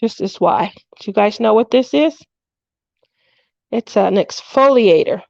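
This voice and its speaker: Her medium-pitched voice is darkish, with lively intonation and vocal fry, and she takes an unhurried pace. The recording is dry and dull. She's a woman in her fifties hosting a craft livestream, casually spinning stories, laughing frequently, and acting out what others said.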